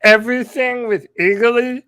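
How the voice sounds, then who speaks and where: A man co-hosting a podcast in casual chat, excitable and peppering his talk with "dude.". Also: extremely high pitch, measured pace, clean tone, no room sound, clean studio sound. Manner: excitable, says "dude" often. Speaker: podcast co-host.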